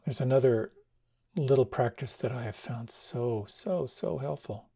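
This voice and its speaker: A man giving a dharma talk as a meditation teacher, speaking in a gentle, reflective way. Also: mid-range voice, a little slow, gravelly, breathy edge. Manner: gentle, reflective, tells stories with quoted dialogue.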